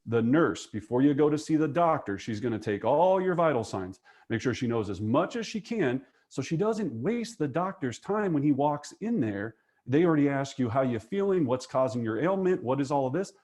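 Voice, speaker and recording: A man teaching real estate agents in a coaching lesson, emphatic and energetic, checking in with "okay?" and "right?". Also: medium pitch.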